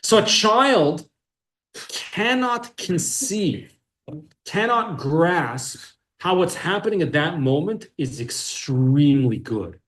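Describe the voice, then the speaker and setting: A man teaching a class, acting out little scenes in an animated way. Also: fairly high pitch. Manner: animated, acts out scenes with shifts of voice. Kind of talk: lively class lecture with acted voices. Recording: echoey room.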